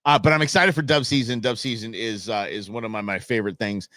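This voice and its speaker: A man's voice: fairly low pitch, fairly even intonation, quick pace, pushed and bright, dry recording. A man hosting a live show, chatting casually, laughing often and reacting to viewer comments. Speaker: livestream host. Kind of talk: casual live-stream chat.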